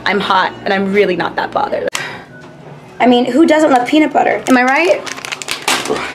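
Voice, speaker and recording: Brief: a high-voiced young stage performer, teasing, loose backstage vlog tone. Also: female voice, animated, a little slow, background noise. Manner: playful, self-mocking.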